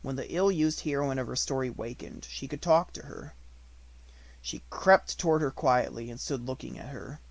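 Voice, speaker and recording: A man reading a classic novel aloud as an audiobook, with measured, expressive storytelling. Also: medium pitch, gravelly, no echo. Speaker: audiobook reader.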